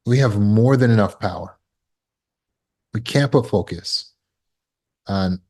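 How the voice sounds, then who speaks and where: A man's voice: on the low side, a little mellow. A man teaching a trauma recovery class over a video call, in an earnest way, acting out short scenes to make his points. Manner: earnest, acts out scenes with bursts of alarm. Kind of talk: teaching talk with acted examples.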